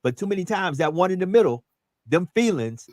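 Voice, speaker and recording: A man's voice: high voice, very animated, a little fast, a little mellow, dry recording, clean studio sound. A male radio host who makes his point with repeated words and sayings. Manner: preachy, punchy, repeats words for emphasis. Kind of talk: radio talk show conversation.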